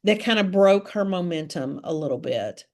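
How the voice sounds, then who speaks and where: A woman leading a webinar training session, telling stories calmly and gently, with frequent fillers. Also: on the low side, moderate pace. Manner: gentle, calm storytelling with many fillers. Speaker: trainer on de-escalation.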